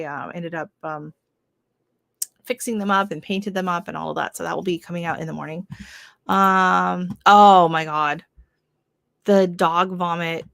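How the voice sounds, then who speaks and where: A woman's voice: lowish voice, fairly bright tone, no echo. A Canadian woman hosting a casual gardening livestream, rambling and chatty with lots of fillers. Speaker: gardening channel host.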